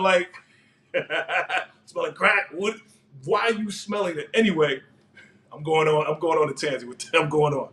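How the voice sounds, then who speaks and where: A man hosting a casual live TV episode recap, speaking a little higher than most men. He is excitable, laughs often and leans on street slang, like a fan talking the episode through with his viewers. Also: unhurried. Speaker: TV show recap host.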